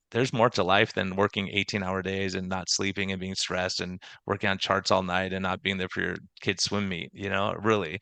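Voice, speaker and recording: A man hosting a podcast as a doctor, telling animated stories and acting out quoted conversations in casual chat. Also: deep voice, creaky, no room sound. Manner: energetic storyteller acting out quoted exchanges.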